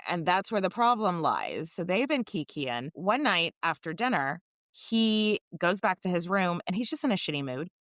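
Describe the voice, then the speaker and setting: A woman co-hosting a casual history podcast, telling the story in a jokey, swearing, animated way. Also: on the low side, moderate pace, no room sound, studio quality. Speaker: podcast co-host.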